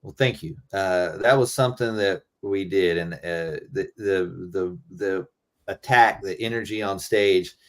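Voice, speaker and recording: A man's voice: deep voice, measured pace. A middle-aged man talking loosely and rambling, swearing freely, as a guest musician in a casual interview.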